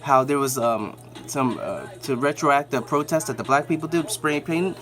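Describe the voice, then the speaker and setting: A man's voice: normal speed, a bit bright. A man casually recapping a TV episode, rambling with slang and fillers and acting out characters' lines. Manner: loose, rambling retelling with slang and many fillers; acts out characters' lines in raised pitch. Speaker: show recap vlogger.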